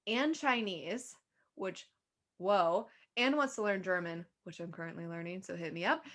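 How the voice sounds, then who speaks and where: A young adult woman co-hosting a podcast, telling stories in casual chat with lots of laughter. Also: medium pitch. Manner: giggly, animated storyteller. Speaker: podcast co-host.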